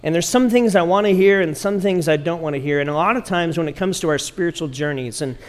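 A man's voice: on the high side, fast talker. A middle-aged man preaching a sermon as pastor, telling stories playfully and acting out quotes. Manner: animated, playful storytelling with acted quotes.

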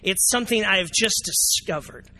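A man preaching a sermon as pastor, animated and often asking the congregation questions. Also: high voice, normal speed. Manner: animated, asks the congregation questions, acts out reactions. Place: church sanctuary.

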